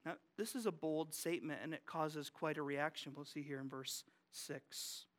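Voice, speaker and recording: A pastor preaching a sermon to a congregation, conversational and animated, jumping from loud outbursts to hushed asides and questions to the listeners. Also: mid-range voice, moderate pace. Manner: asks the congregation questions and jokes about family life. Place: church, speaking to a congregation.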